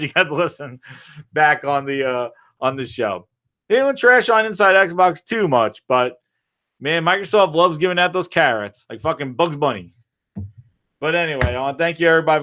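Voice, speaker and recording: A man's voice: a little high, normal speed. A man hosting a gaming podcast in a casual solo rant, rambling and swearing freely. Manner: profane, rambling, animated. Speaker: podcast host.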